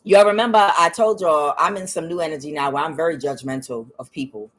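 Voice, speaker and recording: A woman reading tarot in a casual spiritual chat, frank and profane, mimicking other people in a higher voice. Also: brisk. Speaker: tarot reader.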